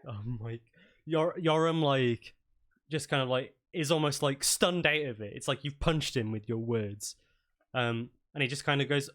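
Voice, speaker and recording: A man narrating a tabletop game as its game master. He rambles and restarts his sentences, with a voice pitched in the middle range for a man. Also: moderate pace, a bit bright. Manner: rambling, many fillers and restarts.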